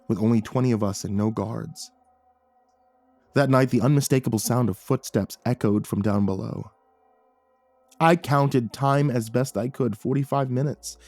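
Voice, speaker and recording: Man narrating a horror story, hushed. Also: medium pitch, no echo.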